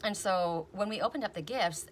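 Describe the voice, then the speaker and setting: A middle-aged woman reading oracle cards in a casual, rambling chat, telling stories and quoting people in animated voices. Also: medium pitch, normal speed, a little hiss or hum. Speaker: oracle card reader. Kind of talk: casual chatty video reading.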